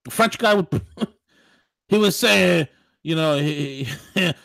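A man hosting a political talk radio show, ranting in an animated way, with mock voices and laughter. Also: sits high, takes it slowly, vocal fry, long pauses, no echo.

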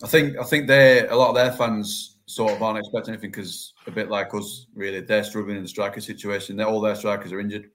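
A man co-hosting a casual football fan chat in a low, flat voice. He talks quickly and in a matter-of-fact way, keeping an even tone. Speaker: podcast co-host.

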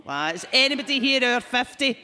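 Scottish female comic guest, lively and crude, high voice. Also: fairly quick. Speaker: comedian guest. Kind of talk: live stage storytelling. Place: live show venue.

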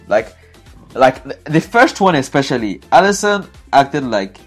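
A man giving animated football match analysis, exasperated and emphatic, often repeating himself for effect. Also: medium pitch, unhurried, slightly rough, faint music behind. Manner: exasperated, repetitive, emphatic ranting. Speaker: football pundit.

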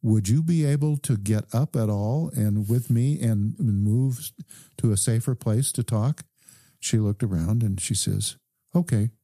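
A man, a doctor guest on a podcast, calmly telling a story and quoting the people in it. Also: on the low side, no room sound, clean studio sound. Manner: calm, measured recounting with quoted dialogue. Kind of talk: conversational storytelling.

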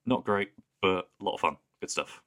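A man with a very deep voice chats loosely on a podcast, circling back and restarting his sentences. He sounds relaxed and unhurried. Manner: easygoing, rambling with restarts. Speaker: podcast co-host. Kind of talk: casual chat.

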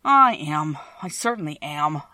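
A woman's voice: mid-range voice, animated, a little fast, a bit bright, no echo. A woman voicing a timid little male wizard who is a humbug, speaking meekly in a trembling voice. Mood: sorrowful. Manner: trembling, meek, pleading.

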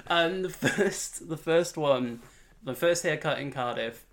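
A young man co-hosting a podcast, telling comic anecdotes in a casual, animated way, often laughing and imitating other people in a lower voice. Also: slow pace. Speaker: podcast co-host. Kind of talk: casual comedic storytelling.

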